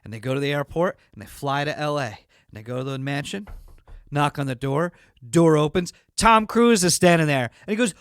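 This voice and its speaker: A man co-hosting a podcast, telling a long joke in an animated, playful way. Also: a little high, a little fast, clear, resonant tone, dry recording, studio quality. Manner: animated storyteller who acts out the characters. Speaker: podcast co-host. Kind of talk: casual chat and joke telling.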